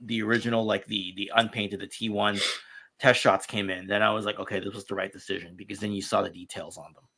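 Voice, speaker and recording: Male co-founder, gravelly tone, lowish pitch, animated guest storyteller. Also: fairly quick. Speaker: toy company co-founder. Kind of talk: casual podcast conversation.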